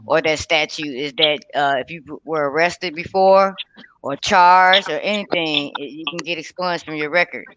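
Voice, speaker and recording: A man's voice: a little high, normal speed, pushed and bright, a little hiss or hum. A man on a casual online panel explaining a point at length, with plenty of fillers. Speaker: panel guest. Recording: dull lo-fi call audio.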